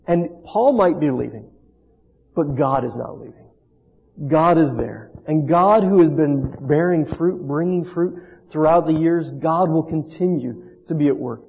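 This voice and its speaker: Gravelly, mellow-voiced pastor preaching. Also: male voice, a little high, a little slow. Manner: earnest, repetitive, with many restarts. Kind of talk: sermon. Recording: dull lo-fi recording with long hall reverb.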